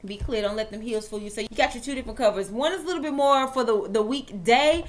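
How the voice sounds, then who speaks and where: Lively woman vlogging about football. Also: a little high, fast talker. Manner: lively, playful, dramatic asides. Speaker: vlog host and author. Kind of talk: chatty football vlog.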